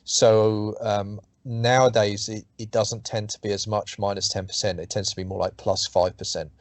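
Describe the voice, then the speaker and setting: A man's voice: on the low side, flat delivery, moderate pace, dry recording. A middle-aged man talking about his writing in a casual interview, rambling, swearing and restarting his sentences. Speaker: author being interviewed.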